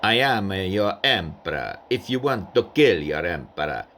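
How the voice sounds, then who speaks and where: A man's voice: deep voice, very animated, moderate pace, a bit bright, slight background noise, heavily acted. A man putting on the voice of a grand male emperor speaking with an Italian accent, declaiming in a grandiose way.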